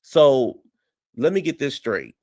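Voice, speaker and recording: A man's voice: mid-range voice, sing-song, slow pace, a little mellow. A man giving casual commentary, recapping reality TV in a chatty, incredulous way with lots of rhetorical questions.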